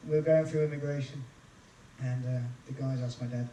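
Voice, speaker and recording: A man's voice: mid-range voice, fairly even intonation, a little fast, dark tone, a little hiss or hum. A man entertaining a cruise ship audience, telling self-mocking jokes between songs into a stage mic. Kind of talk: live singing and stage banter. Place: large room on a cruise ship, live with audience. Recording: echoey, distant live recording with band.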